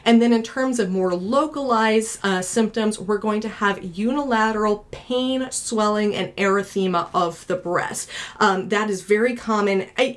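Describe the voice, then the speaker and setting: A woman in her thirties giving a recorded nursing lecture, talking conversationally to students with asides and stories from her own life. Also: medium pitch. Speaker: nursing instructor.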